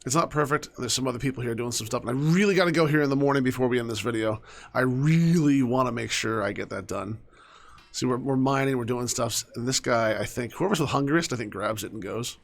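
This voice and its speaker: A young man with a gravelly, fry-edged voice talks his way through a game, chatting casually to the characters on screen. He often drops into soft mutters, then picks back up in a mid-range voice. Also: mid-range voice, fairly quick. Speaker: gaming streamer. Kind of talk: casual gameplay commentary.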